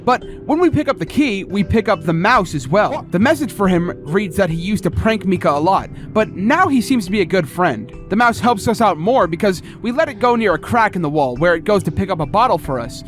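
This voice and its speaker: Young guy with a pretty high voice doing a game retrospective voiceover, dry jokes at his own expense, soft music underneath. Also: very animated, brisk, hardly any pauses. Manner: wry, self-deprecating commentary. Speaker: video essay narrator. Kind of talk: scripted retrospective narration. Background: faint background music.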